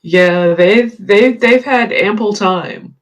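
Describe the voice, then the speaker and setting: A guest in a casual roundtable discussion, thoughtful and halting. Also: mid-range voice, poor audio.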